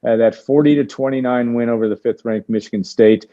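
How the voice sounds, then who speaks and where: Sports show host, male, mellow voice, muffled lo-fi sound, steers the panel. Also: mid-range voice, steady tone, fairly quick. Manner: wraps up the discussion and hands off to others. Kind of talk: sports talk show discussion.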